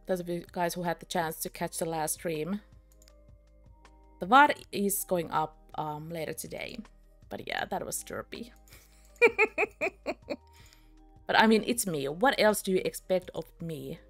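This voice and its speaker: Giggly British woman streaming a game. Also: fairly low pitch. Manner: giggly, laughs often, chatty and self-mocking. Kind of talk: live-stream game commentary.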